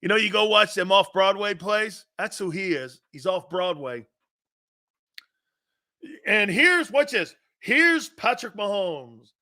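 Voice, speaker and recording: A man's voice: high voice, a little slow, long pauses, bright, forceful tone. A man hosting a sports talk show, brash and mocking, laughing at his own jokes.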